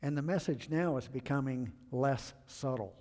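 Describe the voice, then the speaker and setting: A man's voice: normal speed, dark tone. Middle-aged southern guy giving an earnest pilot safety talk, big echoey lecture hall. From American South. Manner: earnest, emphatic, acts out quotes with rising pitch. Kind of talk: presentation lecture. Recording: long hall reverb.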